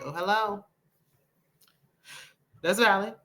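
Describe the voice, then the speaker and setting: Woman doing a reality show review, bright voice, sassy and opinionated, talking back at the screen. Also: mid-range voice, animated, moderate pace. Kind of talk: casual commentary.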